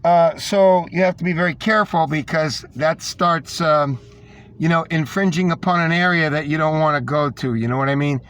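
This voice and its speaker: A man's voice: on the high side, normal speed, a bit bright. A man delivering a rambling, scornful monologue, repeating himself as he tells a story. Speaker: podcast host. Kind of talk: ranting monologue.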